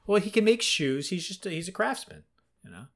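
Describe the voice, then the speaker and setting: A man's voice: high voice, big pitch swings, fairly quick, gravelly, a bit bright. A man co-hosting a casual film podcast, arguing his points about the film with wry humor. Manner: wry, argumentative film commentary. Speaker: podcast co-host.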